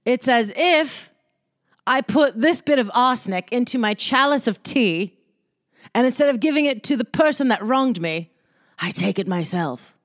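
A woman's voice: a little high, expressive, normal speed, voice pushed up, close to an everyday voice. A woman putting on a mock accent to play a pompous old-world poisoner with a chalice. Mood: grandly smug.

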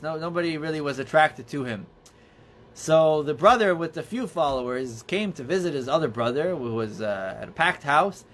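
A man earnestly telling religious stories as a teacher, in a halting, storytelling way. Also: on the high side, a bit bright. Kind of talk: storytelling talk.

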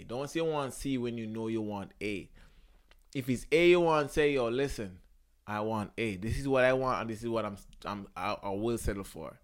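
Young guy on a podcast, mid-pitched voice, ranting about relationships, swears a lot, keeps losing his words. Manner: animated, emphatic, swears and repeats himself; searches for words, frequent restarts. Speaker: podcast host. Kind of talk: casual relationship talk.

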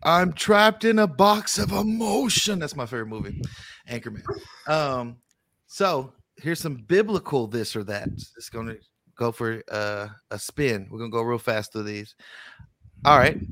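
A man's voice: medium pitch, moderate pace, no room sound. Male host, easygoing, dry close mic, runs the quiz questions. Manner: relaxed, reads out questions. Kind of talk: casual podcast chat.

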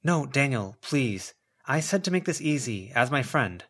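A man voicing a tired, practical young woman in an audiobook reading, firm and quietly weary. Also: mid-range voice, big pitch swings, a little slow, voice pushed up.

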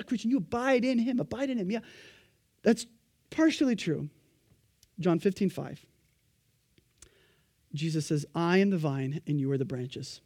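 A man preaching a sermon, animated and emphatic, acting out the voices of the people he quotes. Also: high-pitched, no room sound, studio quality.

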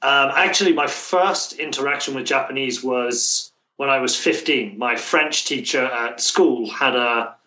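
A man's voice: mid-range voice, measured pace, few pauses, sharp tone. A British man chatting as an interview guest, talking in a loose way with many restarts and fillers. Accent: British English. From Britain. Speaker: guest, language coach. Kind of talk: casual interview chat. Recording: roomy, distant, dull remote-call sound.

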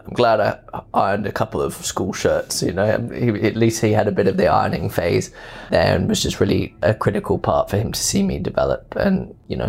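A young man in his twenties with a low, gravelly, husky voice, speaking in a relaxed interview. He tells his stories with animation and slips into playful voices when quoting people. His accent is English with some Australian touches. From England. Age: 20s. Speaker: guest. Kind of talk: casual interview answers.

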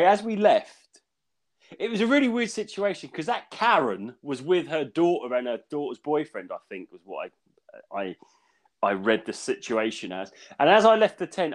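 Man, comedian co-host, lively swooping voice, slightly high, acts out quotes. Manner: animated storyteller, acts out quotes. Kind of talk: casual chat telling stories.

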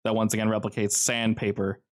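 A man narrating a tabletop game as game master, describing scenes in a slow, ominous, measured way. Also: lowish voice, level tone.

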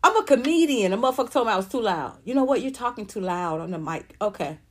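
A woman's voice: medium pitch, expressive, quick pace, breathy edge. A woman in her fifties, a comedian, ranting to viewers on a livestream, profane, repetitive and fired up. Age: 50s.

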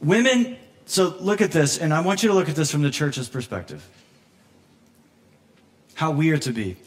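Man, pastor, sermon, fairly high voice, animated, conversational, laughs often, emotional. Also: moderate pace. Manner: emotional, near tears at moments.

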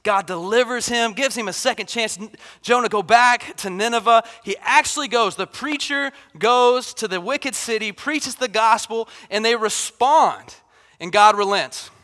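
Bright-voiced man preaching casually. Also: high voice, measured pace. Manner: casual and animated, acts out Bible figures. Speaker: pastor. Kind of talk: sermon. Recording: long hall reverb.

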